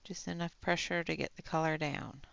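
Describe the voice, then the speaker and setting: A woman from British Columbia with a Western Canadian accent, chatting casually as she colours on a livestream and talking softly while she works. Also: sits low, steady tone, normal speed, creaky, muffled recording.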